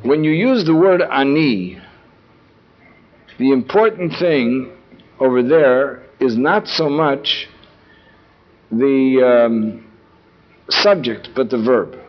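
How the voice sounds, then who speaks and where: A man teaching a text study lesson, explaining word meanings and repeating key phrases for emphasis. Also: medium pitch. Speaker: Torah teacher. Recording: dull lo-fi recording.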